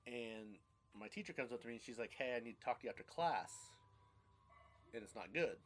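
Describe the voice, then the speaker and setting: A man's voice: medium pitch, expressive, brisk, a bit bright, a little hiss or hum. A man in his thirties casually telling his life story on a podcast, rambling and blunt, with casual swearing.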